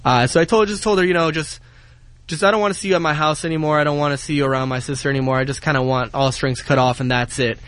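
A man's voice: on the high side, steady tone, fast, a bit bright, dry recording. A young man, an intern, retelling a breakup on the radio in a rambling, heated way with many fillers. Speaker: intern telling his story on air. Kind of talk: casual storytelling.

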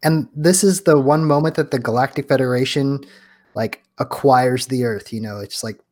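Relaxed man, midrange voice, questioning. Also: mid-range voice, moderate pace. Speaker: podcast co-host. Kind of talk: casual chat.

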